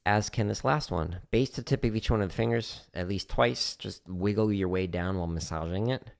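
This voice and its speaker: This drum teacher's voice is on the low side and creaky, moving at normal speed. He gives a casual livestream lesson from his practice room, talking through technique with fillers, with a studio mic placed close to the kit.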